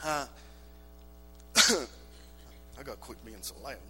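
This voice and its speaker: A man preaching a sermon as pastor, swinging from loud exhortation to sudden quiet. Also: mid-range voice, expressive, slow, long reverb tail, heavy background noise. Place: church sanctuary.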